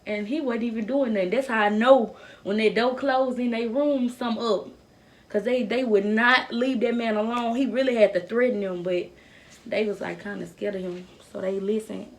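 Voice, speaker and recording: A young woman recounts a personal story in a storytime vlog, her voice sitting a little high. She talks earnestly and with open emotion. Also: steady tone, moderate pace. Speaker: vlogger telling a personal story.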